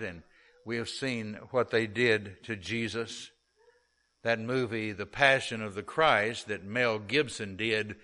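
Slow, bright-voiced man preaching. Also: mid-range voice. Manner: earnest preaching, reads scripture slowly. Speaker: pastor. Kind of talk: sermon.

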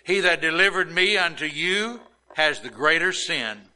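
A man voicing a calm, composed prisoner who answers his judge quietly and slowly. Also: a little high, full character voice, poor audio. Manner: quiet, measured, unhurried.

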